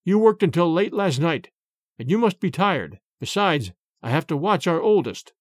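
A man voicing an anxious wife who speaks in a low voice. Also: very animated, moderate pace, no echo, clean studio sound. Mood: worried.

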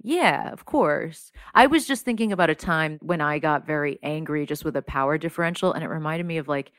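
A woman guest on a podcast, chatting casually and telling a story with lots of "like" and quick asides. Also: sits low, smooth, no room sound, clean studio sound. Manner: animated storyteller, heavy use of "like". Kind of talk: casual chat.

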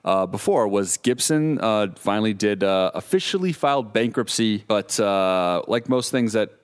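A man's voice: lowish voice, expressive, moderate pace, smooth. Rambling laid-back male podcast host. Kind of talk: casual chat.

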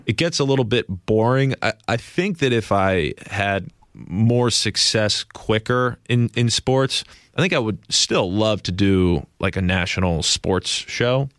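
A man's voice: fairly low pitch, a little slow, no echo, clean studio sound. A man who works as a news correspondent, a guest on an interview show, talking in a reflective, self-deprecating way about his career. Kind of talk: casual interview chat.

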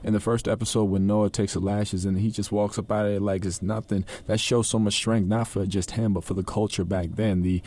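A man's voice: lowish voice, fairly quick, few pauses. A man, an actor, speaking earnestly and with passion as a guest in a studio interview. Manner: earnest, impassioned, animated. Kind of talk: conversational interview.

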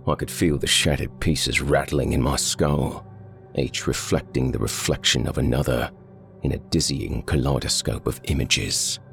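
A man's voice: very deep voice, steady tone, moderate pace, gravelly, fairly bright tone, faint music behind. A man narrating first-person noir fiction in a wry, world-weary tone. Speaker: audiobook narrator.

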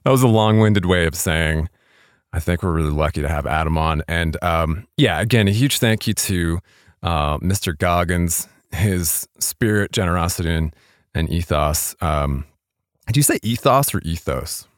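Low-voiced rambling male podcast host. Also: normal speed, clean tone, no echo, studio quality. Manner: rambling, self-deprecating, many fillers and restarts. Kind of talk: casual interview chat. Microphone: studio podcast mic.

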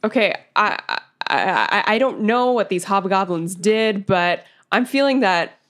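A woman's voice: medium pitch, very animated, a little slow, a bit bright. Hesitant woman player. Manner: hesitant, stammers before committing. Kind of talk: tabletop role-play.

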